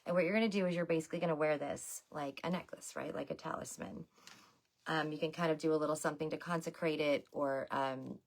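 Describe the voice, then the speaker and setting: Low-voiced woman giving a casual tarot reading. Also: fairly even intonation, fast talker, creaky. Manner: loose and chatty, addresses viewers as y'all. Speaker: tarot reader.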